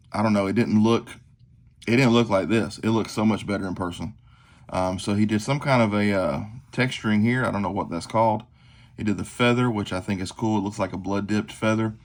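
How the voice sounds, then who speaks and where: A man, talking casually and rambling through a show-and-tell of his gear, with lots of fillers and self-deprecating asides. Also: lowish voice. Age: 40s. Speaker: knife collector vlogger. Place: tabletop at home.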